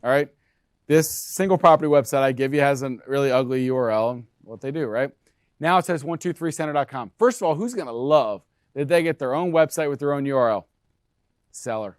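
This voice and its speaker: A man giving an energetic sales presentation to real estate agents, checking in with the room with frequent questions. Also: medium pitch, quick pace, smooth, no echo, clean studio sound. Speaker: brokerage presenter.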